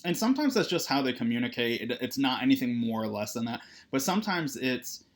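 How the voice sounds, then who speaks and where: A man who is a therapist, lecturing on counseling in a loose, conversational way, often checking in with "right?" and filling pauses with "uh". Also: mid-range voice, very animated. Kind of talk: recorded lecture.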